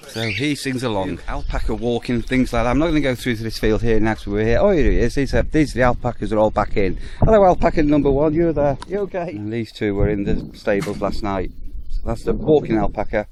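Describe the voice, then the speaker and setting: A man's voice: a little fast, few pauses, noisy background. A man giving a casual walking tour of a farm park outdoors, chatting as he goes and talking to the animals. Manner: chatty, talks fondly to animals in a higher voice. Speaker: vlogger touring a farm park.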